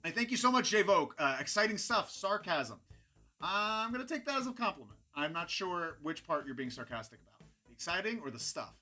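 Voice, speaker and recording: A man's voice: high voice, very animated, fairly quick, sharp tone, faint music behind. A man hosting a casual livestream recap, rambling and chatty with frequent restarts as he gives his picks. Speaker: host of a robot combat recap show.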